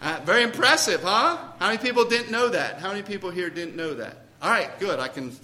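A man's voice: high voice, sing-song, quick pace, pushed and bright. A man preaching a sermon to a congregation in church, conversational, asking questions and joking about himself. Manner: self-deprecating humor.

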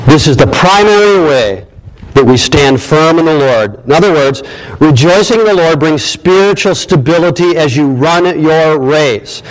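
A man's voice: a little high, lively intonation, normal speed, poor audio. A man preaching a sermon as pastor, emphatic, repeating key phrases and asking rhetorical questions.

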